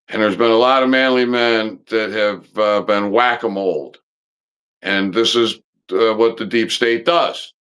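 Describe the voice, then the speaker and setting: A man hosting a live stream, talking in a rambling, halting monologue full of pauses and restarts, blunt and occasionally swearing. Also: lowish voice, bright, forceful tone, clean tone.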